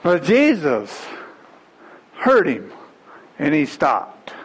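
A male preacher delivers a sermon in a high voice. He speaks slowly and deliberately, retelling the story with animated emphasis. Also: husky, low-quality recording.

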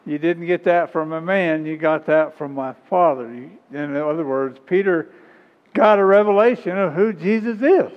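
A man preaching a sermon and reading scripture, emphatic and rising in pitch on key points. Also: moderate pace. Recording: dull sound with long hall reverb.

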